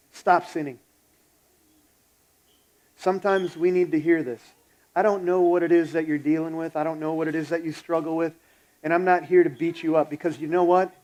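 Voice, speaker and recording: A man's voice: a little high, darkish tone, low-quality recording. A pastor preaching a sermon in a blunt, exhorting, conversational way, retelling a story as he goes.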